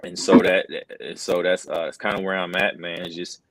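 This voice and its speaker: Middle-aged man, very low voice, dry close mic, casual interview, earnest and rambling. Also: level tone, moderate pace, no room sound, poor audio. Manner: earnest storytelling, lots of fillers like bro and man. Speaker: wrestling commentator.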